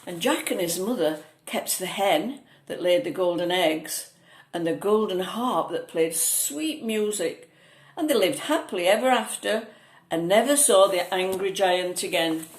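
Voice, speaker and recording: A woman reading a picture book aloud to a child, gently pointing out the pictures as she goes. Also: lowish voice, expressive, measured pace. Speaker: storyteller. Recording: echoey room, faint noise.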